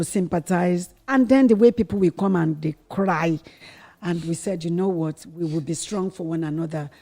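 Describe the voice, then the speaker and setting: Woman, middle-aged, from Nigeria, low, mellow, earnest, storytelling. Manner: earnest, quotes her own past words with rising intensity. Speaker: interview guest, the host's mother. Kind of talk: candid personal storytelling.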